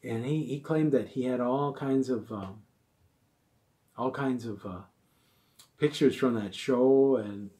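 A man's voice: medium pitch, slow, long pauses, dark tone. Rambling middle-aged man telling a story. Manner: rambling, fond, full of asides and quoted voices. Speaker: musician telling a gig story. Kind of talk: casual storytelling.

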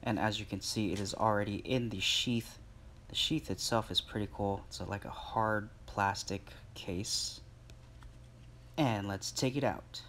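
A man's voice: fairly low pitch, measured pace, a bit bright, slight background noise. A man in a casual vlog, chatting to his viewers with lots of fillers while he unboxes something at home. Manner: chatty, filler-heavy, addresses viewers directly. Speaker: vlogger.

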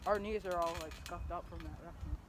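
A high-pitched young guy hosts a casual trampoline challenge vlog outdoors, upbeat and playful as he talks to his viewers. He sounds tired and a little winded, and loud outdoor noise sits under the whole handheld camera recording. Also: a little fast. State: tired, out of breath. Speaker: vlogger.

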